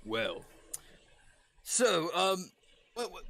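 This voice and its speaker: A man narrating as dungeon master, halting and full of fillers. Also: mid-range voice, fairly bright tone. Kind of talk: improvised game narration.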